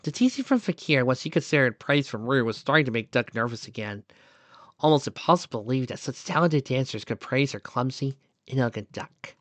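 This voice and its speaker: A man reading fan fiction aloud as narrator, in a soft, steady storytelling voice. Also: mid-range voice, brisk, dry recording.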